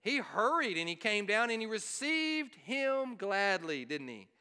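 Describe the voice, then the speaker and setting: A man's voice: sits high, sing-song, unhurried, bright, forceful tone, clean tone, big-room sound. A man preaching a sermon, emphatic and questioning his congregation. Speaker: pastor.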